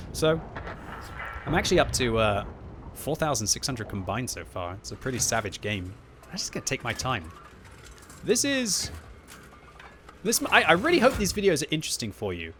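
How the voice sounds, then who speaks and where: A man giving live gameplay commentary at home, thinking aloud and breaking into loud frustrated yelling. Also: medium pitch. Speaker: gaming video host. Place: upstairs room at home. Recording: steady game noise behind the voice.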